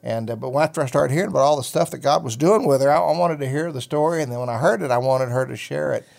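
Middle-aged male show host, casual rambling storyteller, average pitch. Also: quick pace, creaky, a little mellow. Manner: folksy, rambling with fillers and restarts. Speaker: ministry show host telling a testimony.

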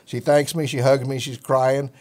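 Man, middle-aged, folksy storyteller, rambling, mid-pitched voice. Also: level tone, moderate pace, a little mellow. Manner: folksy, rambling with fillers and restarts. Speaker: ministry show host telling a testimony. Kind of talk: casual storytelling chat.

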